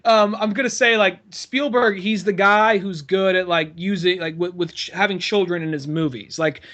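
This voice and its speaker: A man's voice: sits high, fairly even intonation, normal speed, pushed and bright. A man co-hosting a podcast in casual comedic chat, riffing with lots of swearing and laughter. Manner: profane riffing, acts out voices, laughs often. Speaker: podcast host.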